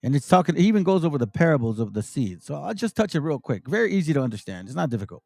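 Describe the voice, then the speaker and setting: A male preacher, talking casually with plenty of slang as he reads verses and breaks them down. His pitch swings widely and sits a little high for a man. The sound is close and dry. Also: big pitch swings, rapid-fire, creaky, a little mellow, no room sound. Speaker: preacher teaching scripture. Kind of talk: informal scripture teaching.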